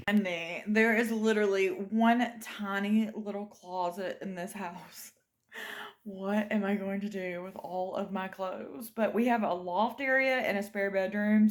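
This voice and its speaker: A woman chatting casually to camera as a vlogger, thinking aloud and trailing off softly. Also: mid-range voice. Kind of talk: casual vlog chat.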